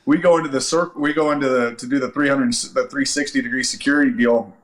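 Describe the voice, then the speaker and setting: A middle-aged man, an Army veteran and podcast guest, telling stories in casual, profane talk and acting out shouted quotes. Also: mid-range voice, fast talker. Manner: animated, profane, acts out yelling quotes. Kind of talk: casual storytelling.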